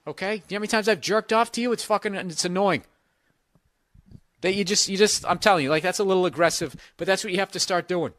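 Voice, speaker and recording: A man's voice: high-pitched, fairly quick, pauses often, a bit bright, no room sound. A man hosting a podcast, giving blunt, profane, rambling advice in casual talk.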